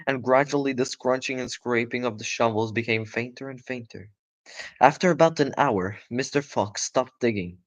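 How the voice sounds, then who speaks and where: A man reading a children's book aloud live, in a voice of ordinary pitch. He breaks off now and then for casual, chatty asides and corrects his own slips as he goes. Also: normal speed. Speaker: storyteller.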